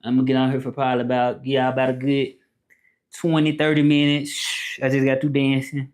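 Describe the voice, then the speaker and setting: A man's voice: medium pitch, steady tone, fairly quick, a little mellow. A young man with a Southern American accent, chatting loosely on a live stream, greeting viewers and dropping in short French phrases that he then translates. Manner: greets chat viewers by name. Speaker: vlogger live-streaming to followers. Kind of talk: casual live-stream chat.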